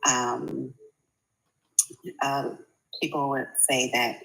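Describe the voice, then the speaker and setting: A woman speaking hesitantly as a client in a reading session, pausing often. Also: rumbling low, steady tone, a bit bright, low-quality recording. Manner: hesitant, many pauses and fillers. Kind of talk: casual conversation in a reading session.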